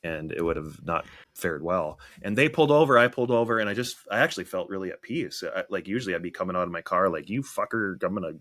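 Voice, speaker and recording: A man, a therapist guesting on a podcast, telling a story in a halting way with many restarts. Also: low-pitched, lively intonation, a bit bright. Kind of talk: casual conversation.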